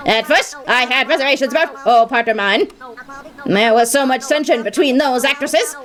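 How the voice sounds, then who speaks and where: A woman voicing a smug, fast-talking TV network scout cowpoke in a video game, rattling off audience statistics. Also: high voice, a bit bright.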